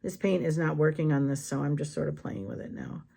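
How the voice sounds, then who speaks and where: A woman's voice: deep voice, brisk, creaky, warm tone. A woman vlogger telling candid, blunt stories in a casual chat while she does crafts.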